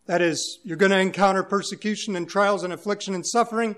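A man's voice: high-pitched, fairly even intonation, quick pace, few pauses, a bit bright. A man preaching a sermon, reading scripture and explaining it in an earnest, emphatic way. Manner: earnest, emphatic, searching for words. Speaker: pastor.

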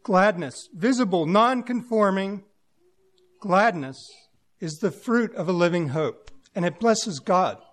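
A man's voice: high-pitched, animated, slow. A man preaching a sermon to his congregation, musing aloud in a plain-spoken way and using homely examples.

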